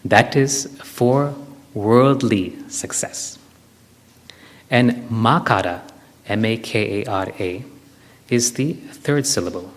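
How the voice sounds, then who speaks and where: A man's voice: fairly low pitch, slow, pauses often. A man giving a spiritual lecture to an audience, explaining step by step with everyday examples. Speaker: spiritual speaker. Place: hall with an audience. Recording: reverberant lecture hall.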